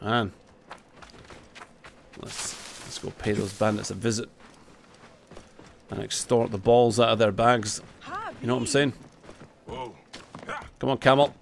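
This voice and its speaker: A man hosting a let's play, giving excitable gameplay commentary, swearing and humming tunes over game music. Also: mid-range voice, slow pace, vocal fry, long pauses, a little hiss or hum.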